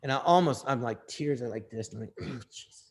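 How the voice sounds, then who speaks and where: A man's voice: mid-range voice, animated, fast talker. An older man from Los Angeles, a guest telling long stories in an interview, rambling on tangents. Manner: rambling, puts on voices while retelling stories. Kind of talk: storytelling interview.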